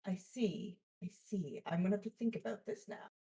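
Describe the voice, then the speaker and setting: A woman's voice: medium pitch, moderate pace, creaky, mellow. A woman playing her character in a tabletop game, joking with playful back-and-forth banter. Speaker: player. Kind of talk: in-character tabletop role-play.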